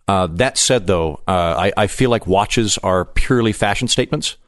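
A man telling stories on a talk radio show, halting and full of restarts. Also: lowish voice, fairly bright tone, no room sound, studio quality. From United States. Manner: quick, halting, lots of restarts and fillers. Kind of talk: storytelling in talk radio banter.

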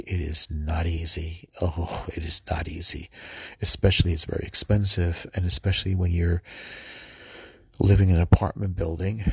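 Very deep gravelly-voiced man preaching. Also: no echo. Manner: halting, repeats words and restarts, earnest. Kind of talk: devotional podcast reflection and scripture reading.

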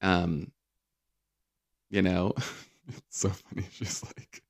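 Low-voiced male recap host, casual and sarcastic, mimics quotes. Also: flat delivery, slow pace, gravelly. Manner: chatty and sarcastic, acts out quotes in mocking voices.

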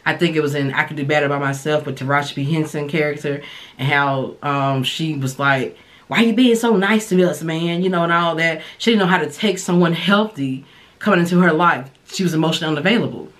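A woman hosting a podcast, giving casual, candid dating advice and sharing her own experience in a relaxed, colloquial way. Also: sits low, fast. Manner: relaxed colloquial delivery with frequent fillers. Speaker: podcast host and dating coach.

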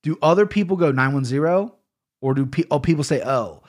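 A man's voice: a little high, lively intonation, a little fast. A man from Ohio hosting a betting podcast, talking casually, rambling, swearing and often correcting himself. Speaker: podcast host picking fight bets.

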